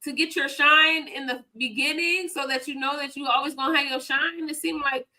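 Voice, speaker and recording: A woman co-hosting a podcast, reacting in an animated, incredulous way during casual chat. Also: high-pitched, a little fast. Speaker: podcast co-host.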